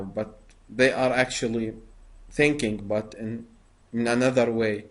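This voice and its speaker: Male interviewer, very slow and halting, lots of "uh". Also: mid-range voice. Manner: halting, many pauses and fillers. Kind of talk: conversational interview.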